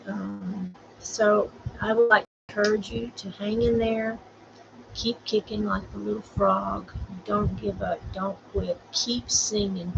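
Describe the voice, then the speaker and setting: Woman, middle-aged, gravelly voice, dull livestream audio with faint hiss, earnest encouraging talk. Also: mid-range voice. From Florida, USA. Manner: earnest, rambling, preachy encouragement. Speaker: vlogger sharing grief. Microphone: borrowed camera, livestream.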